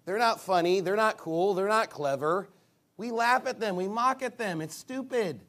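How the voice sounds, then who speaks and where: A male pastor preaching a sermon in an animated, emphatic way, with sarcastic asides. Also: sits high, moderate pace.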